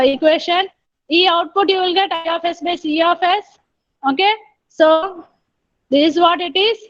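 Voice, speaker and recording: A woman's voice: high-pitched, fairly bright tone, no echo. A woman giving an online engineering lecture, explaining step by step and repeating herself with frequent "okay"s. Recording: dull, dry lo-fi recording.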